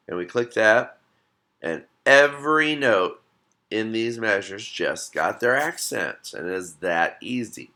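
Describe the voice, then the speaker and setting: A man teaching students in a screen-recorded software tutorial, giving relaxed, folksy step-by-step instructions. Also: lowish voice. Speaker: music teacher.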